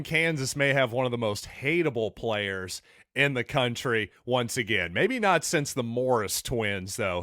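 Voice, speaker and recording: A man's voice: medium pitch, fairly bright tone, no room sound, studio quality. A man hosting a solo sports podcast, talking in an opinionated, conversational and wry way.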